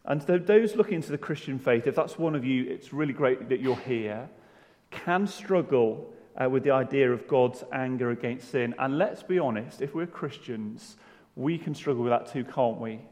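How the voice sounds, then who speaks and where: A man's voice: medium pitch, expressive, normal speed, a little mellow. A man preaching a sermon in a church, conversational, with rhetorical questions and self-deprecating humour. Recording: long hall reverb.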